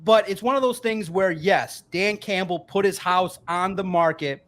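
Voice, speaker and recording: High-pitched, profane, fired-up man. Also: normal speed, fairly bright tone. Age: 40s. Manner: emphatic, profane, rambling. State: a bit tipsy from beer. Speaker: sports podcaster, guest. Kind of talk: casual podcast chat.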